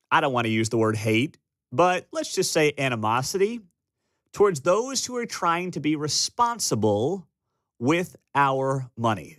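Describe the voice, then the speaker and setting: A man's voice: on the high side, no room sound. A man hosting a Midwestern talk radio show, ranting sarcastically and mimicking people he disagrees with. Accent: Midwestern American. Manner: sarcastic, animated, mocking voices. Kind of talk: opinionated talk radio monologue. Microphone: studio microphone.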